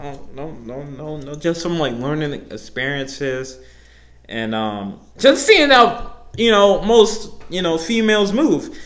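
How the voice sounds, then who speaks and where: A man's voice: very animated, slow pace. Rambling, swearing young man on a podcast. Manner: rambling, loose and profane, with frequent fillers; swings between loud heated outbursts and low mumbles. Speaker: podcast host. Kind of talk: casual solo rant.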